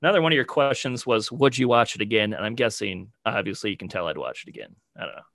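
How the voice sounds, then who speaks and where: A man's voice: on the low side, expressive, fast, gravelly, fairly bright tone, dry recording. A man co-hosting a podcast, talking casually and rambling with lots of "like" and "you know". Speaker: podcast co-host. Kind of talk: casual chat.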